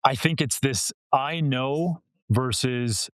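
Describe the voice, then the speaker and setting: Male communication coach guest, mid-pitched, earnest and coaching, dry close studio mic. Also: slow, no room sound. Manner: earnest, coaching tone with illustrative quotes. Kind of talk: conversational interview answers.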